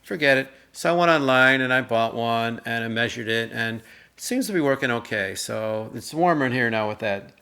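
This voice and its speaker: A middle-aged man rambling through a casual anecdote while he co-hosts a chat with his mother. His voice is bright and clear. He talks loosely, with restarts, and acts out the people in his story. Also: medium pitch, lively intonation, fairly quick. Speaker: co-host.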